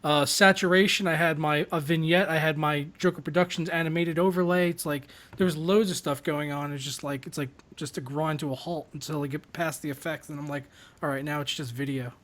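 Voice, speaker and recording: An upbeat man with a high, bright-sounding voice hosts a laid-back gaming podcast from a home setup. He talks quickly and enthusiastically, full of casual slang and asides to his co-host and chat. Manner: excited, fast, informal gamer slang.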